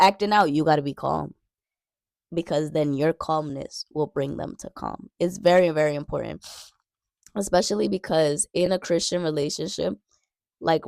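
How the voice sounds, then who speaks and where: A young woman talks through dating advice in an earnest, repetitive way, hammering home her points. Her voice sits low with a gravelly fry. The sound is dry and close to the mic. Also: a little mellow, no room sound. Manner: earnest, repeats key phrases for emphasis. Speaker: Christian dating vlogger. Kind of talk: casual advice talk.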